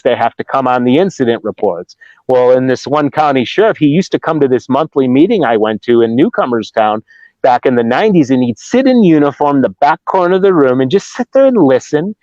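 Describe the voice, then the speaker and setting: A man's voice: on the high side, warm tone, no room sound. A middle-aged man from Ohio, telling a story in a casual, rambling way, with restarts and acted-out quotes. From Ohio, USA. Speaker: Bigfoot researcher guest. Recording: dull lo-fi dry remote audio.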